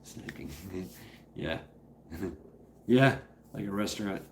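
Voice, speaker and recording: A man's voice: deep voice, takes it slowly, noisy background. A man ranting loosely to a livestream audience, swearing freely and tripping over his own words as he restarts sentences. He breaks into short impressions of other people as he goes. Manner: profane, rambling, with many restarts. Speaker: streamer. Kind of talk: casual livestream rant.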